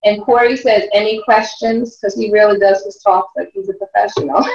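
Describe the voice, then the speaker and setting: A woman, a mother and life coach, telling stories in an interview, animated and often laughing as she acts out what others said. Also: medium pitch, moderate pace, gravelly, noisy background. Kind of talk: storytelling interview chat. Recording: roomy, distant, dull lo-fi sound.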